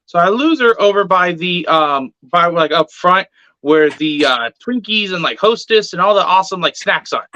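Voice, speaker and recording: High, bright-voiced man telling a wild story. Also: moderate pace, no echo. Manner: animated, swears freely, acts out quotes. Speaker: reptile keeper telling a story. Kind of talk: casual storytelling. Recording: dull, dry, lo-fi sound.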